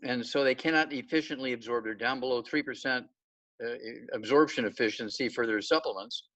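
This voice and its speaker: A man's voice: mid-range voice, fairly quick, fairly bright tone, distant mic, highs cut off. A man giving an informal lecture on a call, folksy and emphatic, often checking in with "okay". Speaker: guest lecturer.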